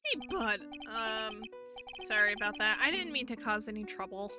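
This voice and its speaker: A woman's voice: medium pitch, lively intonation, normal speed, music in the background, pitched below the performer's own voice, lightly acted. A woman voicing a nervous, apologetic young man who stammers and hesitates.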